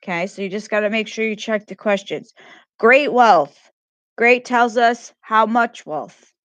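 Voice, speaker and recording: Lady teaching grammar to kids, talks real slow, repeats stuff, dry no-echo sound. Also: fairly high pitch, fairly bright tone. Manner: patient, repeats questions and praises students. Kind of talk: classroom grammar lesson.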